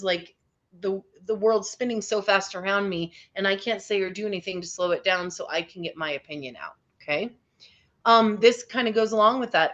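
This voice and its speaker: A woman's voice: mid-range voice, expressive, normal speed, fairly bright tone. A woman teaching a session on people skills to teens, chatty and encouraging, with many asides. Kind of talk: classroom lesson over video call. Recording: dull lo-fi audio.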